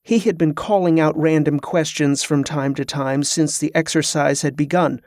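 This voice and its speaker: A man narrating a fantasy novel in a steady, measured storytelling voice. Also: fairly high pitch, dry recording, studio quality.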